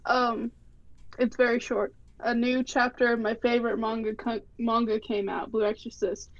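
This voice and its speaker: A woman's voice: a little high, level tone, moderate pace, lo-fi sound. A woman chatting casually on a podcast, talking with lots of "you know" and "like". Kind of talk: casual chat.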